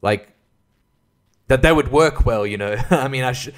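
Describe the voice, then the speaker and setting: A man runs a solo podcast in a loose, rambling rant. He swears often and trails off into asides. His pitch is ordinary for a man. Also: moderate pace. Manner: profane, rambling, laughs at his own jokes. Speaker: podcast host.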